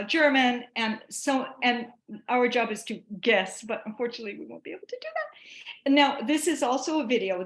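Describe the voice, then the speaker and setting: A woman giving a chatty online talk to teachers, animated and given to restarts. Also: a little high, roomy sound. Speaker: presenter.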